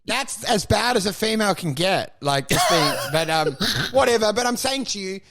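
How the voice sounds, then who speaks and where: A man's voice: high voice, lively intonation, normal speed, fairly bright tone. A man, co-hosting a comedy podcast with crude, rambling rants. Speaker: podcast co-host. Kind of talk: casual comedic chat.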